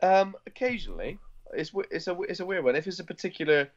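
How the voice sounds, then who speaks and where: A man's voice: high-pitched, expressive, fast, lo-fi sound. A man with a Bristol accent co-hosting a podcast, rambling and teasing in casual chat. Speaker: podcast co-host.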